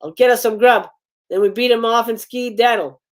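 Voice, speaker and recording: A man voicing a large, crude rural truck driver who talks in a slow drawl, reading a script aloud. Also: extremely high pitch, fairly even intonation, voice pushed up. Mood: gruff, urgent. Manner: slow Southern-style drawl.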